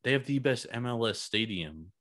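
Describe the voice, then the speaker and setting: A man's voice: mid-range voice, expressive, moderate pace, fairly bright tone. A young man in brash, profane casual chat, always calling his friend dude. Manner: brash, swears often, says "dude".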